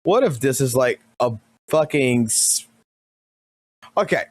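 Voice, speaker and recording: A man's voice: mid-range voice, takes it slowly, slightly rough, no room sound. A man streamer reacting live, swears a lot, voice leaps around, close dry sound. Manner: profane, rambling, excitable. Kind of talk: casual reaction commentary.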